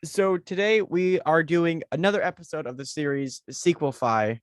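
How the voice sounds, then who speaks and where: A man's voice: a little high, normal speed, no room sound, clean studio sound. A young American man hosting a podcast in a playful, teasing chat. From United States. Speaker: podcast host. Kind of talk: casual chat.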